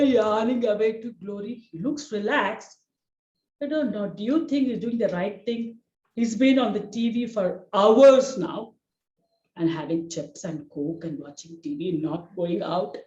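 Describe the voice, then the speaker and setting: A woman leading a storytelling session for children over a video call, animated and asking the kids questions. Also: mid-range voice, reverberant, lo-fi sound.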